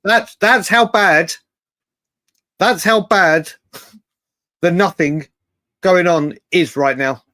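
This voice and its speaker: A man's voice: high voice, slow, long pauses, bright, forceful tone, dry recording, clean studio sound. A man co-hosting a casual football chat show, rambling with lots of restarts and the odd swear word. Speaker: podcast co-host.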